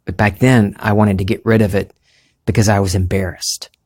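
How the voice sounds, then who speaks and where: Male podcast host, faint Southern accent, lower voice, earnest and musing spiritual monologue. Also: flat delivery, normal speed, a little mellow. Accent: slight Southern American. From American South. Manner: earnest, musing, thinks aloud.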